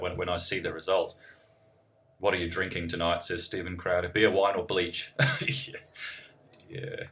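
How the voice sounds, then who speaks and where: Reading viewer questions aloud on a live stream, a young man from New Zealand speaks in a deep voice with a bright, forceful tone. He's wry and casual, rambling and cutting himself off as he goes.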